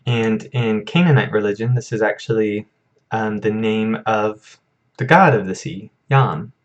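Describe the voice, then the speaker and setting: A young man teaching a casual vocabulary lesson in a relaxed, self-correcting way, chuckling at his own memory tricks. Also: lowish voice, a little slow, muffled recording. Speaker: Hebrew teacher.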